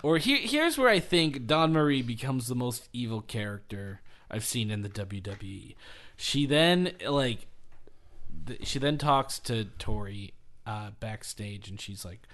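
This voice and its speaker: A man co-hosting a casual comedy podcast, walking his friends through an old wrestling storyline. He rambles along and slips into quick quoted voices for the characters. His voice sits at a middle pitch for a man. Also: lively intonation, a bit bright. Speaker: podcast co-host.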